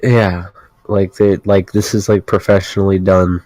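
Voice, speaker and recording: A man's voice: low voice, level tone, unhurried, mellow, no room sound, low-quality recording. A male podcast co-host chatting casually and rambling, with plenty of "like" fillers. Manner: rambling, full of "like". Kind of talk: casual chat.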